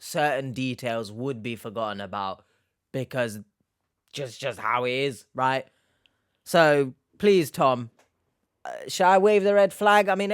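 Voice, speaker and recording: Man, sarcastic commentary host, smooth clear voice, dry close sound. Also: medium pitch, no echo. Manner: sarcastic, mocking, bursts into loud exclamations. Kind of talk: reaction commentary.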